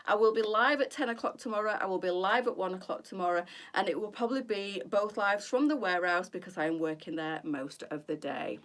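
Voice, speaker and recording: A woman's voice: mid-range voice, brisk, few pauses. A middle-aged woman, chatting casually to viewers on her boutique live stream and calling them girls.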